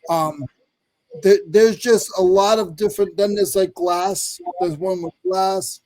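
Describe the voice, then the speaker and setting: A man from North Carolina, a reseller, walking viewers through a website in a rambling, hurried screen-share chat. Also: high voice, steady tone, mellow. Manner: rambling, fast, self-correcting. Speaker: reseller sharing his screen on a live stream. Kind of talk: casual screen-share walkthrough.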